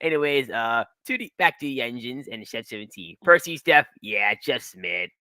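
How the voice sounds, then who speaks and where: A man co-hosting a casual fan podcast, steering the chat back to the topic in an animated way. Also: medium pitch, moderate pace, dry recording. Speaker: podcast co-host.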